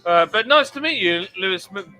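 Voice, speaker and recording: A man's voice: high-pitched, expressive, a little fast, pushed and bright, soft background music. A man hosting a casual livestream chat, reading out viewer comments in a laid-back, chatty way. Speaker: livestream host. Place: home.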